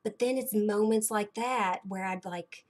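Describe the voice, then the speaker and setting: A woman's voice: mid-range voice, measured pace, heavy background noise. Woman, 30s, livestream host, casual chat, rambling, filler-heavy, dramatic asides. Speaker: host of a blind community livestream.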